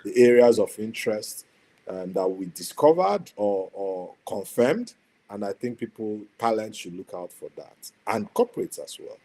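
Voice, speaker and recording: A man, speaking as a guest on an online panel over a video call, measured and pausing with fillers. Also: on the low side, very animated, vocal fry, mellow. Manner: measured, many fillers and restarts.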